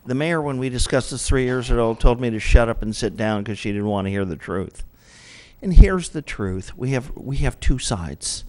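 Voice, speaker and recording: A man giving a blunt public comment at a city council meeting into a podium microphone, asking himself questions and answering them flatly. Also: mid-range voice, normal speed.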